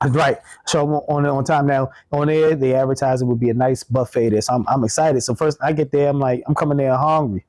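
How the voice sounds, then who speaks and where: A man's voice: mid-range voice, fairly even intonation, brisk, few pauses, darkish tone, dry recording. A man, a comedian, telling a funny story in casual chat, acting out the people he quotes, with many restarts. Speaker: comedian guest.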